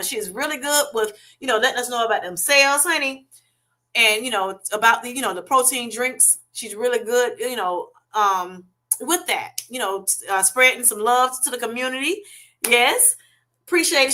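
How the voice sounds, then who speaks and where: A woman hosts a relaxed livestream and reads out her viewers' comments. Her voice is bright and a little high. She talks in a chatty way, full of fillers and small restarts. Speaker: livestream host reading chat. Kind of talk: casual livestream chat.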